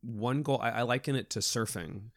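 Male guest, lively storyteller, mid-pitched, dry close-miked sound. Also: normal speed, no echo. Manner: animated, lively storyteller with many restarts. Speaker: hospital clown. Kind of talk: podcast interview storytelling.

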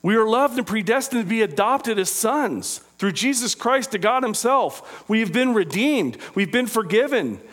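A man preaching a sermon as pastor, acting out small scenes and dropping low and quiet for scripture readings. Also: moderate pace, few pauses. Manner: animated preaching with acted-out impressions.

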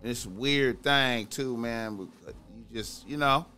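A man giving profane, rambling casual commentary, repeating himself and breaking into high, incredulous outbursts. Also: slow, pushed and bright, soft background music.

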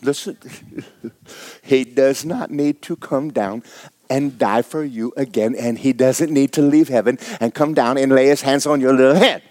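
A pastor preaches to his congregation at a measured pace. He reads scripture and acts it out, throws questions at the crowd, and moves between quiet asides and loud exclamations.

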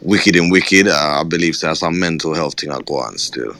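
A man's voice: rumbling low, normal speed, bright, forceful tone, no room sound. A man, co-hosting a radio show in blunt, casual banter. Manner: blunt, repeats words in bursts. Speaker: radio co-host.

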